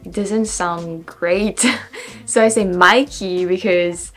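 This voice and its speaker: A woman's voice: on the low side, fairly even intonation, slow, fairly bright tone, faint music behind. French-accented young woman, chatty and laughing. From France. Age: young adult. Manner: laughs often, repeats words to test their pronunciation. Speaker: vlogger. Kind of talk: casual chat to camera.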